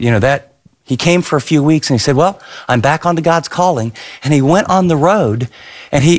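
A man preaching a sermon, telling stories with animated asides and repeated phrases. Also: medium pitch. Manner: animated storytelling, repetitive asides. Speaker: pastor.

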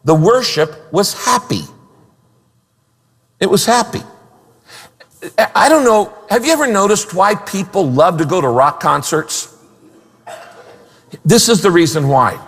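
Man, pastor, emphatic preaching, rhetorical questions, lively, echoing sanctuary. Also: high voice, moderate pace, breathy edge. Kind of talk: sermon.

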